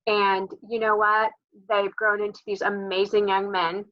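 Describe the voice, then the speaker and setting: A woman's voice: mid-range voice, little pitch movement, unhurried, highs cut off. An older woman with an American accent interviewing and offering reassuring advice in a casual conversation.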